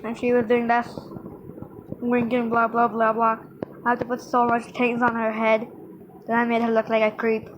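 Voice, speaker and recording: A woman's voice: on the high side, completely flat delivery, normal speed. A young girl narrating her phone game play as a casual vlogger, playful and storytelling, acting out the characters with sound effects. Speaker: gaming vlogger. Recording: dull lo-fi sound with faint background noise.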